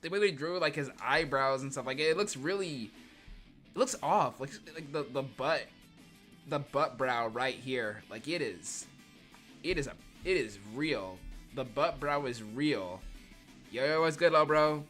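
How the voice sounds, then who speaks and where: A man's voice: medium pitch, animated, a little slow, a bit bright, soft background music. A young man casually reading comics on a livestream, rambling and joking with plenty of laughter.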